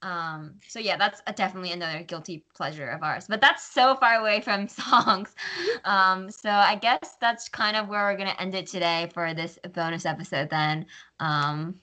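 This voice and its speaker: A woman's voice: fairly low pitch, moderate pace, bright, forceful tone. A young woman co-hosting a podcast in casual chat, giggly and bubbly, with lots of "like" fillers. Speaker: podcast co-host.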